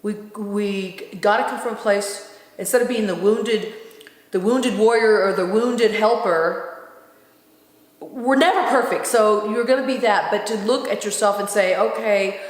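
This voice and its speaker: Woman, calm spiritual host, slow reflective delivery, very echoey room with long reverb. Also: mid-range voice. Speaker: host channeling spirit guides. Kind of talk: casual spiritual chat.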